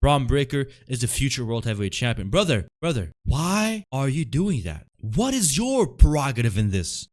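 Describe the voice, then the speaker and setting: A man's voice: mid-range voice, big pitch swings, moderate pace, few pauses, darkish tone. A man recapping a wrestling show in a casual, frustrated rant, full of fillers and rhetorical questions.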